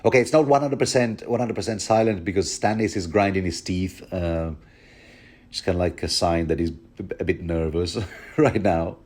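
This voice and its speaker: A man's voice: sits low, moderate pace, darkish tone. A man hosting a podcast, giving jokey, chatty chapter commentary full of asides. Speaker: podcast host.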